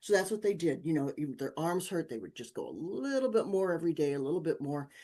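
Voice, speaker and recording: Lively older woman telling stories. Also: quick pace. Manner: animated, acts out dialogue with big pitch jumps, laughs often. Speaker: podcast guest, author. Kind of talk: storytelling in casual chat.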